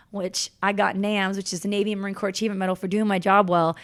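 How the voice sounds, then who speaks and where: A young woman, a podcast guest, telling her story in a chatty, animated way, full of "like" and restarts. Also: medium pitch, fast, few pauses. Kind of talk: casual interview storytelling.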